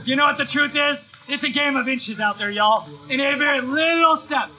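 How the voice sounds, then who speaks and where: A man preaching live, telling an excitable story with lots of shouting and bursts of energy. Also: very high-pitched, normal speed, poor audio. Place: live event, outdoors or hall.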